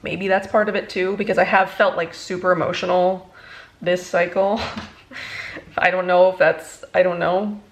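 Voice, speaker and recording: A young woman, a beauty vlogger, chatting casually through a makeup tutorial, rambling and halting, emotionally worn out. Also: lowish voice, level tone. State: emotionally exhausted.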